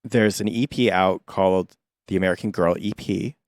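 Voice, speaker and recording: Male co-host, wry casual chat, lower voice. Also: steady tone, normal speed, no room sound, clean studio sound. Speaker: podcast co-host.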